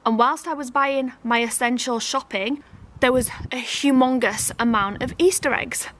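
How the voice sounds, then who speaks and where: A woman's voice: sits high, normal speed, fairly bright tone. A woman, talking to camera in a casual vlog, exasperated and emphatic, laughing between points. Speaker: family vlogger.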